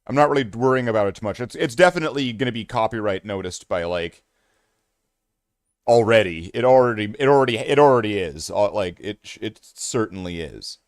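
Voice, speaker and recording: Casual streamer guy, low voice, dry close sound, rambles and self-mocks. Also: expressive, brisk, no room sound. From Canada. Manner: rambling, self-mocking, many fillers and restarts. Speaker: hobby streamer. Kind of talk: casual live-stream chat.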